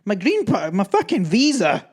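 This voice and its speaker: A Scottish man in his thirties telling stories on a casual podcast, animated and sweary. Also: sits high. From Scotland. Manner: animated, sweary, quick to mimic others. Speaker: podcast co-host. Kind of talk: casual storytelling chat.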